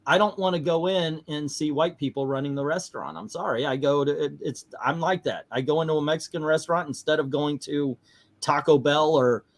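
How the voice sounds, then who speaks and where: A man's voice: a little high, fairly quick. A man hosting a casual livestream, telling rambling stories and laughing often. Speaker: livestream host.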